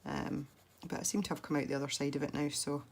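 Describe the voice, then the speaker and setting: A young woman with a congested, stuffy voice, chatting softly as she narrates her colouring. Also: low voice, steady tone, fast, gravelly, a little hiss or hum. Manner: soft-spoken, chatty and self-deprecating. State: congested from a head cold. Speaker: colouring video host. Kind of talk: relaxed colouring commentary.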